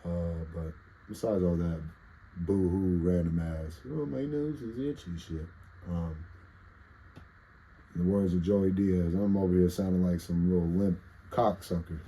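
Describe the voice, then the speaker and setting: A man with a low, very mellow voice, husky and nasal from allergies. He tells a casual storytime monologue that wanders and stays profane. He keeps interrupting himself to comment on his own tangents. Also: level tone, unhurried, rough recording. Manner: rambling, profane, self-interrupting. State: congested with allergies. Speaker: vlogger telling stories.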